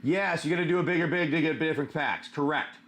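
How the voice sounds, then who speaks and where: Casual male stream host, fairly high-pitched, chatty and friendly with viewers, loose and full of fillers. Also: fast talker, fairly bright tone. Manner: chatty, greets viewers by name, many fillers. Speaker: live stream host opening card packs. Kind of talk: casual live stream chat.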